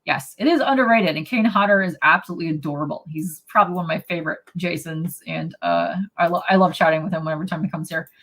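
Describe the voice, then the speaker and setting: A woman hosting a casual live podcast chat, excitable and quick to laugh, reacting to viewer comments. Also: lowish voice. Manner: excitable, laughs often, reads chat aloud. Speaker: podcast host.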